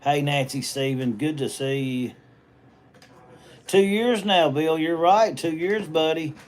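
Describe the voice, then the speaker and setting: This man's fairly high, darkish voice takes things slowly as he reads viewer comments. He's a middle-aged Southern US livestream host and auctioneer, rambling in folksy country talk on a phone stream from a hospital treatment room.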